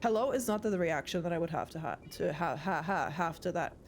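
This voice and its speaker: A woman's voice: lowish voice, lively intonation, a little fast, a little hiss or hum. A young woman streaming a horror game, chatting casually with her viewers and swearing often. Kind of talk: casual live gameplay chat.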